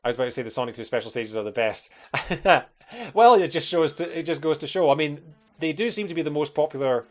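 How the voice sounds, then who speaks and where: A man's voice: on the high side, fast talker. Chatty Scottish man streaming a game. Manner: rambling, chatty, many fillers and restarts. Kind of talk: casual livestream chat while playing.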